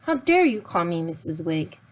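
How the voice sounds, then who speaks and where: A woman voicing a thin, prim, indignant spinster with a high, thin, outraged voice in a storybook reading. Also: sing-song, normal speed. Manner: outraged, huffy.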